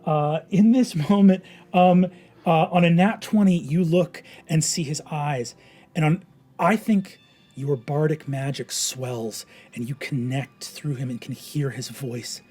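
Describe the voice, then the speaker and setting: A man's voice: fairly high pitch, steady tone, unhurried. Dramatic whispering game master, man. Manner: dramatic, swinging between hushed whispers and loud narration. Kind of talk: narrating a tabletop game.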